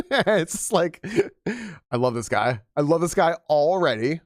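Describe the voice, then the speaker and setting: A young man chatting casually on a game stream, rambling and animated with frequent restarts, slightly hoarse from losing his voice. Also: a little high, a little slow, dry recording, studio quality. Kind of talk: casual live-stream chat.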